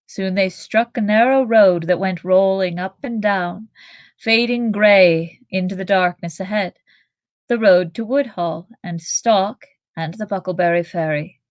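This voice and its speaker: A woman co-hosting a podcast reads a novel aloud in a steady, mid-pitched voice. Between passages she chats easily and laughs often. Her voice is close and dry. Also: unhurried, no echo. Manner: steady reading, giggly in chat. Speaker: podcast co-host and reader. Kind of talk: reading a novel aloud with chat.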